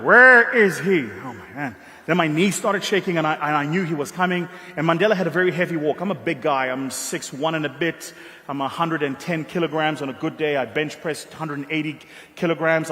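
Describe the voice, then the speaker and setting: A man's voice: a little high, fairly bright tone. South African man giving a keynote. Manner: storytelling, dramatic pauses, emphatic. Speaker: keynote speaker. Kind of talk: motivational keynote speech. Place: large ballroom. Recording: long hall reverb.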